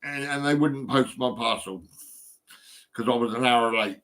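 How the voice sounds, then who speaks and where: Bright-voiced rambling man. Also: mid-range voice, normal speed. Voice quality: rambling, many fillers and restarts, swears. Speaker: vlogger. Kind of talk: casual rambling monologue.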